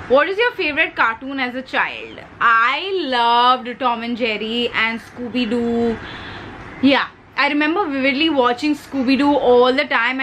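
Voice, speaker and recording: A young woman with an Indian English accent talks through her makeup routine in a loose, chatty vlog way. Her voice sits a little high, and she mixes in Hindi words. A faint hum of room noise sits behind her. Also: a bit bright, rough recording. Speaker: beauty vlogger. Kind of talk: casual chat while doing makeup.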